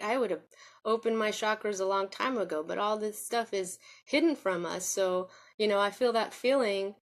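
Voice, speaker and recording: A woman telling a personal story to camera, rambling and circling back with many restarts and fillers in an earnest, confiding way. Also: mid-range voice. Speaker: vlogger. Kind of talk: personal spoken reflection.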